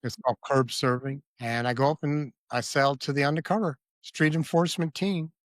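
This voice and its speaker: A man's voice: medium pitch, fairly even intonation, fairly quick, no room sound. A man guesting on a podcast, telling a hard personal story in a candid, vivid way and often stopping to check the listener.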